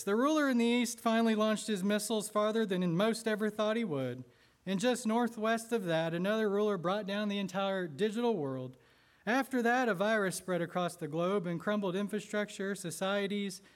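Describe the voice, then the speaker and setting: High-voiced preacher telling a vivid story. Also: male voice. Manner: vivid, theatrical narration. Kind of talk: sermon with dramatic storytelling. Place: church sanctuary.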